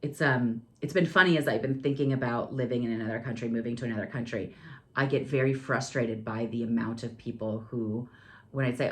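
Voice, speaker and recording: Low-voiced woman in her forties telling stories. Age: 40s. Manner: chatty, lively, fast-talking, with many fillers. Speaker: podcast guest. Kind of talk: personal storytelling.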